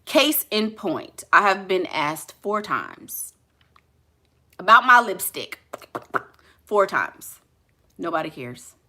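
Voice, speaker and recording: A woman's voice: mid-range voice, very animated, takes it slowly, long pauses, bright, forceful tone. A woman vlogger answering viewer questions in blunt, sassy casual chat full of slangy asides.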